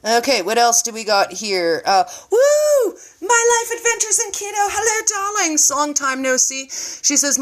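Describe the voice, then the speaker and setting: A woman hosting a casual live-stream chat, reading viewer comments aloud in an animated way. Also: on the high side, brisk, rough recording. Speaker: live show host. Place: home.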